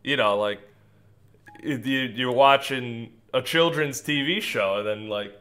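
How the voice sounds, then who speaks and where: A man's voice: medium pitch, unhurried, a bit bright. A young man giving casual gameplay commentary, goofy and rambling, laughing at his own jokes. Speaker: gaming commentator.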